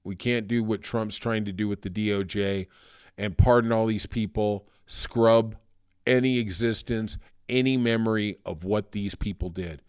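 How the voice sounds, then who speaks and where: A man's voice: on the low side, steady tone, unhurried, darkish tone, clear, resonant tone, dry recording, studio quality. A man hosting a solo political podcast, talking in a conversational, thoughtful way. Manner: conversational, thoughtful, turning somber. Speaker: podcast host.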